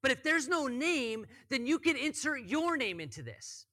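A man's voice: very high-pitched, big pitch swings, moderate pace, pushed and bright. A young man preaching a casual sermon as pastor, chatty and joking, with lots of "like" fillers.

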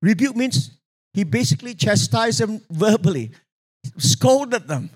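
Man, preacher, high voice, animated sermon storytelling, calls for congregation responses. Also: measured pace, husky. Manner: animated storytelling, acting out quoted voices, sudden pitch jumps.

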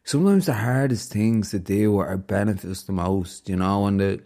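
Mellow-voiced man hosting a podcast. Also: lowish voice, moderate pace. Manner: storytelling, upbeat and reflective. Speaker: podcast host. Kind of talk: casual podcast conversation.

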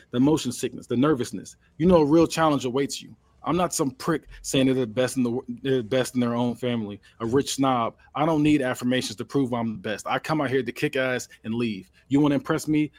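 A man's voice: medium pitch, fairly quick, darkish tone, dry recording, close to an everyday voice. A man voicing an arrogant young male challenger wrestler who boasts self-importantly. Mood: boastful.

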